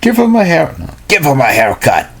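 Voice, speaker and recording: A sneering teenage girl bully with a put-on street-tough accent, as a man reading aloud puts her on. The voice stays low and husky, and every line comes out mocking. It sounds like a storybook read at home. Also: sing-song, slow, full character voice. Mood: taunting.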